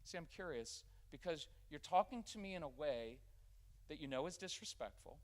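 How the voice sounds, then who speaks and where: A man's voice: on the high side, lively intonation, normal speed. A man in his fifties giving a live parenting workshop, joking and acting out parent-child dialogues. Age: 50s.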